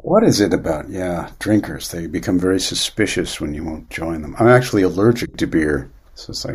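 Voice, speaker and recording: A man in his fifties, a singer-songwriter guest, talking in a relaxed, quick way in an interview. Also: low voice, husky. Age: 50s. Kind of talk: casual interview.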